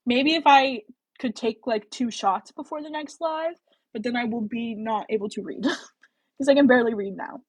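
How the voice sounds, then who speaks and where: Hey, rambly young american woman, bit husky, lots of likes and ums, dry sound. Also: on the high side, moderate pace, dry recording, rough recording. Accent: general American. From American Midwest. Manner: rambling, heavy on fillers, swears casually. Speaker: book club livestream host. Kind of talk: casual livestream chat.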